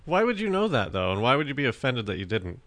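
Man, podcast co-host, skeptical, keeps asking questions, mid-pitched, dry sound. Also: huge pitch swings, fairly quick, sharp tone, dry recording. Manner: skeptical, questioning, pushes back. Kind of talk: casual chat.

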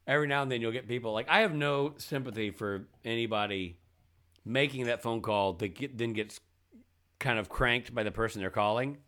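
Bright-voiced joking podcast man. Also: mid-range voice. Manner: jokey, acts out phone calls in quick voices. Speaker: podcast co-host. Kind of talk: casual comedic chat.

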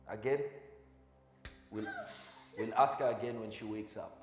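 A man preaching as a pastor. He quizzes the congregation with short questions, then gives quiet instructions during a live demonstration. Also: lowish voice, fairly even intonation, measured pace. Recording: echoey hall with music behind.

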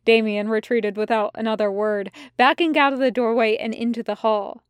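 A woman reading a fan story aloud as audiobook narration, in a measured, even storytelling manner. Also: fairly high pitch, clear, resonant tone, no echo. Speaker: podfic reader.

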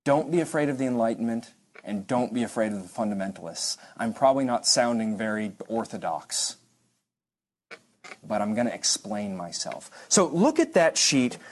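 A man's voice: mid-range voice, sing-song, normal speed. A man giving a church history lecture to a congregation class, conversational and digressive, with frequent restarts and dry asides.

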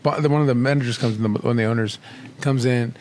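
A man's voice: medium pitch, fairly even intonation, fast, darkish tone, a little hiss or hum. A man co-hosting a casual chat show, telling a long, rambling story and acting out other people's voices. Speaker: podcast co-host.

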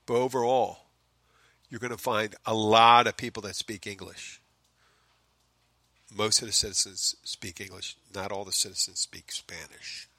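Philly guy rambling on his comedy podcast, swearing a lot, bright voice, dry close sound. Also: on the low side, flat delivery, unhurried, no echo. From Philadelphia. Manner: rambling, profane, self-mocking asides. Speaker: podcast host. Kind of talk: casual comedic monologue. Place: home in the Florida Keys.

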